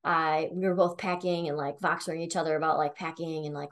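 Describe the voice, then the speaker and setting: A woman's voice: deep voice, little pitch movement, quick pace. A young woman telling a personal story in a casual, chatty way, full of "like" and "um", with the odd swear. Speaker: tarot reader.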